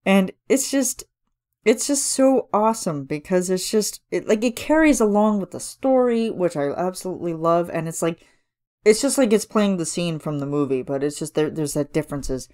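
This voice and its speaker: A woman's voice: lowish voice, lively intonation, moderate pace, mellow. A woman hosting a casual solo podcast, chatting enthusiastically with lots of fillers and now and then singing lines of lyrics. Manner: chatty, gushing, filler-heavy, sings snippets of lyrics. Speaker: podcast host reviewing a cover song. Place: home room.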